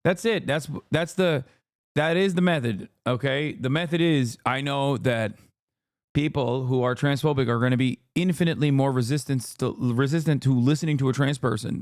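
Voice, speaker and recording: A man hosting a livestream, giving heated political commentary in a loud, profane, ranting way. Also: fairly high pitch, dry recording, clean studio sound. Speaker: livestream host reacting to clips.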